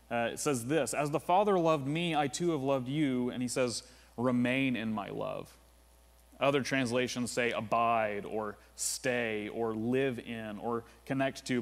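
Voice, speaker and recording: A man preaching a sermon as pastor in a casual, conversational way, often saying "like" and "uh". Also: medium pitch. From United States. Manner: conversational, with frequent "like" and "uh" fillers. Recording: long reverb of a large room.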